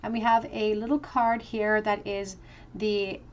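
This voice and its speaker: A woman's voice: mid-range voice, little pitch movement, measured pace, lo-fi sound. A woman giving a tarot pick-a-card reading, musing aloud over each card with casual fillers. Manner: musing, talks through card meanings with soft fillers. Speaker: tarot reader.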